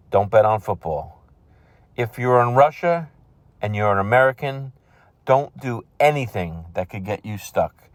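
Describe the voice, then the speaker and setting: A man's voice: on the low side, no room sound. A man hosting an opinion show, ranting bluntly and sarcastically about a news story. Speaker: show host. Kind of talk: opinion commentary.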